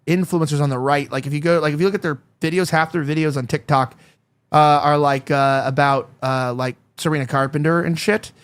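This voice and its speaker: A man's voice: on the high side, steady tone, a little fast, smooth. A man hosting a podcast in casual chat, rambling and full of filler words. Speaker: podcast host.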